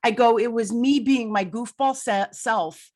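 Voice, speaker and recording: A woman's voice: a little high, unhurried, a little mellow. A middle-aged woman hosting an interview podcast, telling an anecdote in a chatty, emphatic way. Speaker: podcast host. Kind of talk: conversational interview.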